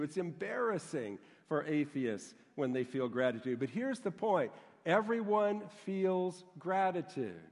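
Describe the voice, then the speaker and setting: High-voiced preacher in a reverberant hall. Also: male voice. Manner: emphatic preaching with repeated phrases. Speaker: pastor. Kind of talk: sermon.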